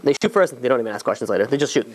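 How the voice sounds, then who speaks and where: A man's voice: mid-range voice, animated, rapid-fire. A man, a rabbi, telling a long story in a loose, conversational way, full of fillers and restarts. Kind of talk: storytelling talk.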